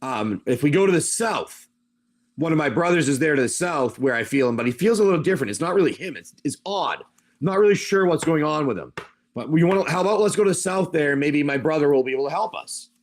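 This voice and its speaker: A man voicing a newborn male vine creature who speaks in a hesitant, halting way. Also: on the high side, lively intonation.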